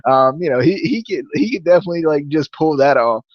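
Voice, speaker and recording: Excitable rambling young man. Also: a little high, fast talker, no echo, highs cut off. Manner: rambling, stammers and repeats words, excitable. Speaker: podcast host. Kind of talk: casual wrestling review.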